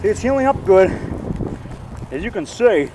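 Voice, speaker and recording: Casual male vlogger, high-pitched voice, rambling and jokey, faint traffic behind him. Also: sing-song, moderate pace, warm tone, low-quality recording. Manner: rambling, jokey, chuckles at own jokes.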